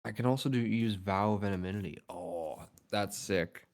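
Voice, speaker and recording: A man's voice: lowish voice, moderate pace. Brief: keen male player who stammers, casual. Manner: eager, stammers when excited. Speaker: tabletop game player. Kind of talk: casual chat over voice call.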